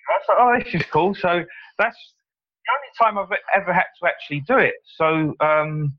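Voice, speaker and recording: A man's voice: high-pitched, lively intonation, moderate pace, a little hiss or hum. A man with an English accent chatting casually on a podcast, hesitant and often repeating his words. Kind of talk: casual chat. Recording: muffled lo-fi audio.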